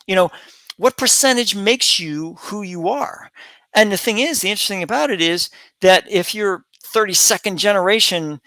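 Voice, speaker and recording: A man's voice: high-pitched, moderate pace, pushed and bright, dry recording. A middle-aged man hosting a commentary channel, delivering a rambling opinion monologue full of fillers, restarts and repetition.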